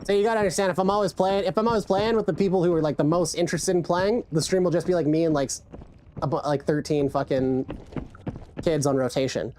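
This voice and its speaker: A woman's voice: fairly low pitch, steady tone, fast talker, warm tone, a little hiss or hum. A woman game streamer chatting casually and profanely, rambling with many restarts into a desk mic. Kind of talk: casual live-stream chat.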